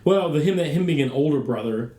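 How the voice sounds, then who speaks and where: A man's voice: a little high, lively intonation, fast talker, mellow, echoey room. A man co-hosting a casual gaming podcast, hesitant with many restarts and a dry, coughing throat. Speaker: podcast co-host. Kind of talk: casual chat.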